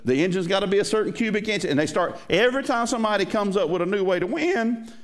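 Lively folksy male preacher. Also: high voice, quick pace. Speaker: pastor. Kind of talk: sermon.

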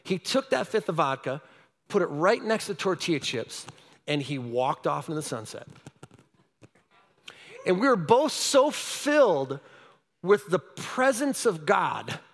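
A male pastor telling a story from the pulpit, his voice sitting high for a man. He swings from loud, excited bursts to hushed asides. The sound rings with long reverb from a large hall. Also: unhurried, long pauses. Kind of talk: storytelling sermon.

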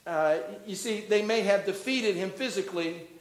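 In this church sermon, the middle-aged pastor speaks at a moderate pace, quizzing the congregation and moving between loud, emphatic climaxes and soft, low passages. The recording is low quality and reverberant.

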